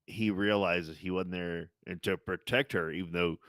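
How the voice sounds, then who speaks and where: A man co-hosting a casual movie podcast, rambling and excitable, swearing and restarting sentences. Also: low-pitched, normal speed, dry recording, clean studio sound. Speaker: podcast co-host. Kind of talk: casual chat about movies.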